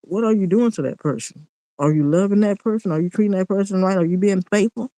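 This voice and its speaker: A man's voice: sits high, fast, dark tone, no room sound, poor audio. A man, ranting in a casual monologue vlog, blunt and preachy and repeating himself.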